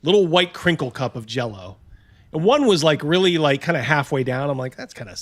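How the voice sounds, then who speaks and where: A middle-aged man with a fairly high voice tells stories on a casual hosted chat. He talks animatedly and acts out the voices of the people in his tales. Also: animated, brisk. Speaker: host.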